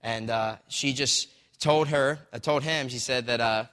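A man with a bright, forceful voice tells a story as part of a sermon. He talks loosely and conversationally, stopping for fillers and restarts, now and then reading a line from a book. His voice rings with the long reverb of a large hall. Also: mid-range voice, unhurried.

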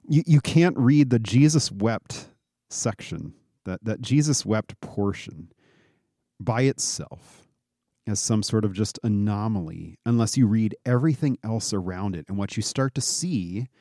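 Low, mellow-voiced male preacher. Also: dry recording, studio quality. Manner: conversational, repeats words when starting phrases. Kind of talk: sermon.

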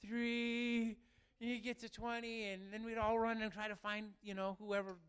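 A man preaching a sermon to his church, animated and talking straight to the congregation. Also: high-pitched, a little slow, smooth. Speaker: pastor.

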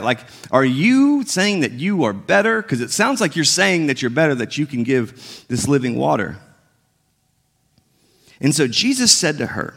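Lively, conversational male pastor preaching. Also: a little high, husky. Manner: conversational, acts out biblical dialogue with shifting tones. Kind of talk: sermon.

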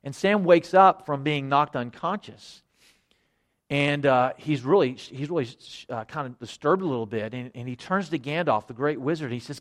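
A middle-aged man preaching a sermon, earnest, repeating phrases and moving between loud emphasis and hushed quiet. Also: mid-range voice, moderate pace. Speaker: pastor.

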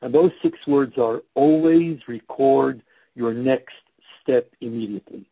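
A man's voice: mid-range voice, unhurried, vocal fry, dry recording, lo-fi sound. A man giving emphatic, instructive advice as a guest in an interview, repeating his key points. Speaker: guest, time management coach. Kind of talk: podcast interview.

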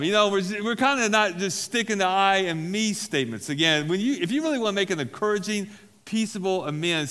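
A man's voice: high voice, a little fast, fairly bright tone, long reverb tail. A man preaching as a pastor at a recovery-group meeting, talking casually, repeating key phrases and making self-deprecating asides. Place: church hall.

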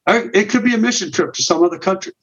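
Racing along in a high-pitched voice, a middle-aged men's ministry director describes his method step by step for a podcast interview, restarting and repeating words frequently. The sound is dull and muffled.

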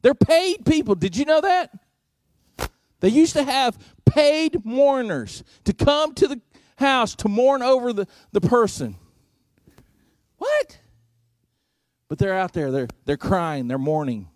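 A man preaching a sermon, telling a story slowly and deliberately, his volume rising and falling for effect. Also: very high voice, expressive, darkish tone, dry recording, studio quality. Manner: slow, deliberate preaching with dramatic swings in volume.

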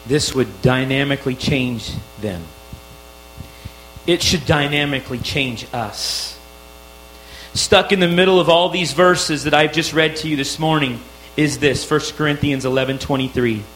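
A man's voice: medium pitch, unhurried, fairly bright tone. A male pastor preaching a sermon, emphatic and rising on key phrases. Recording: echoey room with mains hum.

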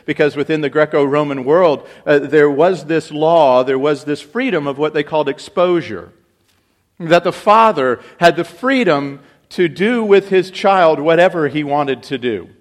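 A man preaching a sermon, swinging between loud exclamations and hushed, intense passages. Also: medium pitch. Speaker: pastor.

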